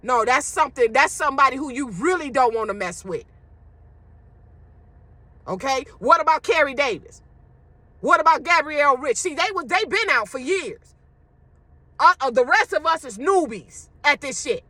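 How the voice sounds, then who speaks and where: Brief: outspoken woman ranting straight to camera, bright, high and emphatic. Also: lively intonation, moderate pace, long pauses, dry recording. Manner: emphatic, blunt, profane. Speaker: social media commentator. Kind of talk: ranting monologue to viewers.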